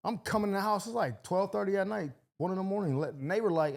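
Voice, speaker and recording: A man's voice: high-pitched, fast talker, gravelly. A male comedian and show regular telling a story in casual podcast chat, acting out other people's lines.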